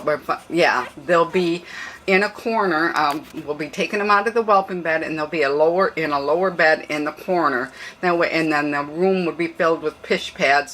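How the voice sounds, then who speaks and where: An older woman with a low, husky-toned speaking voice rambles casually about her litter in a relaxed home video, breaking into high baby talk to the pups. A faint hiss of room noise sits under her voice. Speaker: dog breeder. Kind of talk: casual puppy update vlog.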